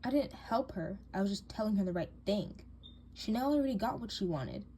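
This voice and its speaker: A woman's voice: medium pitch, expressive, fairly quick, warm tone, close to an everyday voice. A woman voicing a bossy, scheming teen girl in a doll drama, cold and taunting, with faint hiss behind her.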